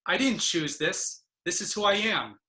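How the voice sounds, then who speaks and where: Bright-voiced woman reading poetry passionately. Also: medium pitch, animated, measured pace. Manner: impassioned, emphatic declamation. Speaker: poet and presenter. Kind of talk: spoken-word poetry reading. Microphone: video call.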